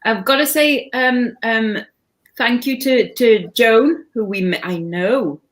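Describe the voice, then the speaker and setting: A woman's voice: fairly high pitch, slow. A woman co-hosting a casual livestream, talking with lots of fillers like "like" and "you know.". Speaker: livestream co-host. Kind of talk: casual chat.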